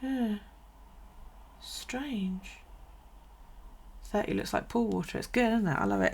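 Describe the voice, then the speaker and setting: A woman's voice: mid-range voice, slow, vocal fry, pauses often, breathy edge. A woman in her thirties chatting casually and swearing freely during a live stream, answering viewers as she talks. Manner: chatty, sweary, laughs a lot, reads and answers viewer comments. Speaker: bullet journal vlogger.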